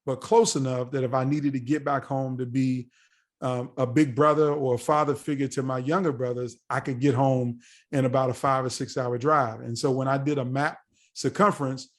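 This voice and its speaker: A middle-aged man from the United States telling a story as a podcast guest, acting out the voices of the people he quotes. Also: mid-range voice. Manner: animated, acts out quoted voices. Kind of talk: storytelling in a casual interview.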